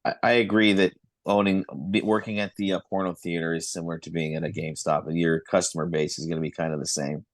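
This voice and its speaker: A man's voice: sits low, level tone, quick pace, few pauses, dry recording. A man co-hosting a film podcast in casual chat, blunt and dismissive. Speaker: podcast co-host.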